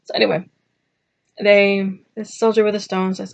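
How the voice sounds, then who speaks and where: A woman telling an old folk tale off the cuff, chatty and meandering. She keeps breaking into quick high voices for the people in the story, then drops back to her easy, mid-pitched speaking voice. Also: monotone, darkish tone, muffled recording. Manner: chatty and rambling, acting out quotes with pitch jumps. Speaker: vlogger. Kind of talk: casual storytelling.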